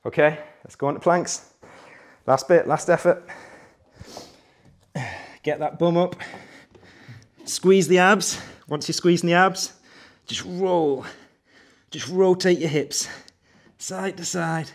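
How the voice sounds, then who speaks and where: A man's voice: high voice, slow pace, long pauses. A young man leading a beginner workout as fitness coach, counting reps and urging listeners on while out of breath. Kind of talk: guided workout instruction.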